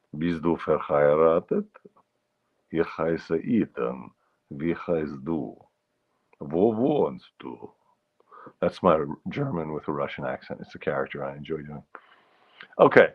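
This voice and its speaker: Man, very low voice, casual livestream host, rambling and punning, clears throat a lot, muffled lo-fi sound. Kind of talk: casual solo livestream chat.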